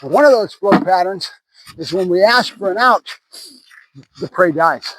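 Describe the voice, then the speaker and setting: A man's voice: high-pitched, expressive, normal speed, fairly bright tone, poor audio. A man who trains dogs, talking casually to the camera outdoors between words of praise to a puppy. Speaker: dog trainer.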